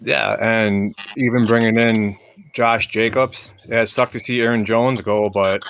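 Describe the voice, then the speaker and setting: A man hosting a podcast, talking in a relaxed, conversational way. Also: on the low side, measured pace, creaky, a little hiss or hum. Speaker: podcast host. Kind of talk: casual chat.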